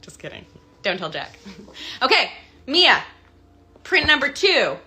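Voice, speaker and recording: A woman's voice: sits high, big pitch swings, slow pace, bright, forceful tone, slight background noise. A Canadian woman in her thirties, a voice actor chatting casually with fans on a livestream while she signs prints. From Canada, part childhood in Scotland. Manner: chatty, bubbly, thinking aloud while signing. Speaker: voice actor signing autographs on a livestream.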